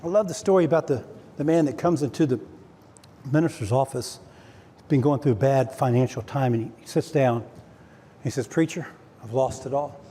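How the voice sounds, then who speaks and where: A man's voice: medium pitch, moderate pace, long pauses, mellow, slightly rough. A man preaching a conversational sermon to his church, with frequent stammered restarts. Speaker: pastor. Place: church sanctuary. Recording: long hall reverb, faint noise.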